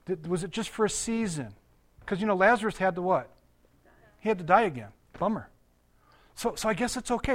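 A man's voice: high-pitched, a bit bright. An older man, a pastor, giving a conversational sermon, laughing often and quizzing his congregation.

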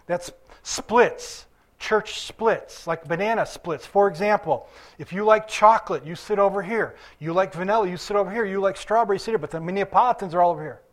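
Casting: high-voiced male pastor, chatty preaching with asides. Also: brisk. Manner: conversational preaching with asides and chuckles. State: limping after surgery. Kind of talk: sermon.

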